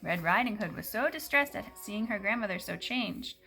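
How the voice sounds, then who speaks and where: A woman reading a children's storybook aloud, playful and animated, with a slight gravelly edge. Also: mid-range voice, normal speed, soft background music. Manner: animated, playful voices for characters.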